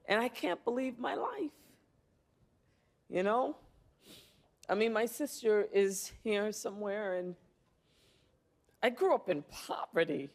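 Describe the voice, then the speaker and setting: Woman, 50s, speaking slowly and thoughtfully at a press room mic, earnest with frequent pauses; average pitch. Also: sing-song. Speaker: award-winning actress answering press. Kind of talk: press room interview answers.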